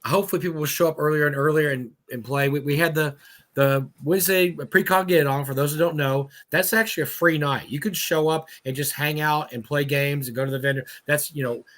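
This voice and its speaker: A man's voice: a little high, steady tone, a little fast, fairly bright tone. A man in casual live-stream chat about running a convention, jokey and prone to laughing and restarting sentences. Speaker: convention organizer on panel.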